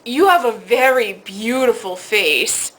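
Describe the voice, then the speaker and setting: A woman's voice: fairly high pitch, normal speed, natural voice, low-quality recording. A woman voicing a pushy flirtatious middle-aged pizza man. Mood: flattering. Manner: pushy, flattering.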